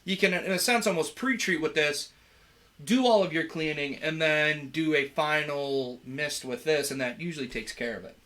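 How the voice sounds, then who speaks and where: A young adult man chats casually as a guest on a livestream. He sounds easygoing and laughs often, with a bright, forceful voice pitched somewhat high. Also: normal speed. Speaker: production manager guest.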